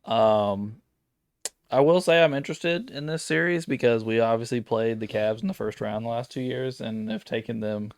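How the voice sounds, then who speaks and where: A man in a relaxed sports chat talks in a middle register, wandering through his points with fillers and restarts. The sound is dry and close, with no room around the voice. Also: medium pitch, moderate pace, clear, resonant tone, dry recording. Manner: rambling, many fillers and restarts. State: sleepy, yawning. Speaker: podcast co-host.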